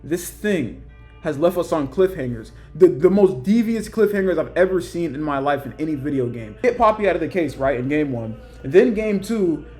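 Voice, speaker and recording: Rambling young man, animated rant. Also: normal speed, faint music behind. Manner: animated, rambling, acts out quoted lines in higher voices. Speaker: YouTuber ranking characters. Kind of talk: casual ranting commentary.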